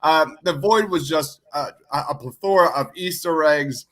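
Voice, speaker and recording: Man, podcast co-host, slightly high voice, enthusiastic, lots of filler words. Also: moderate pace, a bit bright. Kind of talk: casual podcast chat.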